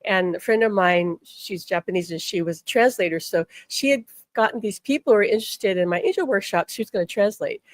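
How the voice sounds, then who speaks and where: An older woman, a spiritual teacher, tells a personal story on a live stream in a chatty, animated way, often repeating words and saying "like". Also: medium pitch, a little fast, hardly any pauses, no echo. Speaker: spiritual healer and angel teacher.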